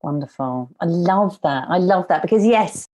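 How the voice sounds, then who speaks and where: A woman's voice: lowish voice, animated, moderate pace, mellow. A woman hosting a podcast interview, enthusiastic and affirming. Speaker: podcast host. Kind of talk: casual interview chat.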